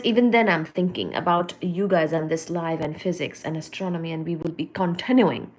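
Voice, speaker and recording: A woman's voice: fairly low pitch, a little fast, few pauses, darkish tone. A woman hosting a casual live stream, chatty and playful as she greets viewers and reads their comments aloud. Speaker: livestream host.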